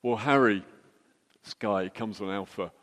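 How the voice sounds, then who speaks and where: A middle-aged man telling a jokey, anecdotal story as a church speaker, with quick restarts. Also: lowish voice, fairly bright tone. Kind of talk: storytelling sermon. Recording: long hall reverb.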